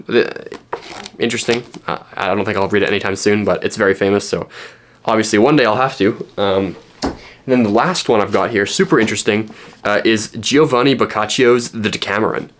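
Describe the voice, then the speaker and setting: A man's voice: lowish voice, fairly bright tone. Rambling young man talking books. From Canada. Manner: rambling, lots of ums and restarts. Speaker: book vlogger. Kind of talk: casual spoken book vlog. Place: at home in fading daylight.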